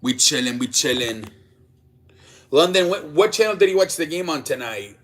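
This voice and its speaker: A man's voice: on the high side, animated, normal speed, fairly bright tone, slight background noise. A man hosting a live sports stream, chatting casually with viewers in a rambling, profane way.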